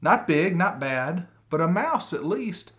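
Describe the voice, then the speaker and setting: A man reading a rhyming picture book aloud with a rhythmic, expressive delivery. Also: high-pitched, slow. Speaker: storybook reader.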